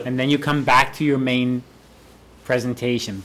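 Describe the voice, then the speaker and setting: A man's voice: medium pitch, measured pace, pauses often, fairly bright tone. A man who is a university professor, giving a classroom lecture and repeating key phrases for students to echo.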